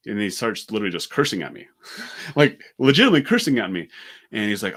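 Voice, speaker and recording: A man speaking in a somewhat low voice tells a story at a rapid clip during a relaxed podcast chat. He talks in an animated way and keeps slipping in fillers and restarts. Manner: fast, animated, many "like" fillers. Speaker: podcast co-host.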